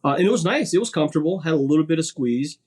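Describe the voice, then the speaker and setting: A man's voice: a little high, lively intonation, racing, darkish tone, slightly rough. Man chatting casually as a podcast guest. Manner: rambling, repeats words when starting sentences.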